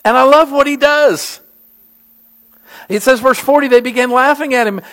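A middle-aged man preaches a sermon in a fairly high voice. He tells stories with animation and pushes his key lines to emphatic peaks. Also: normal speed, a bit bright. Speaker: pastor.

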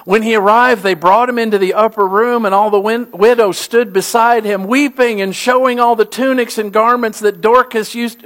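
A middle-aged man preaches a sermon in a fairly high voice. He tells stories with animation and pushes his key lines to emphatic peaks. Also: fairly even intonation, moderate pace, few pauses, a bit bright. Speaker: pastor.

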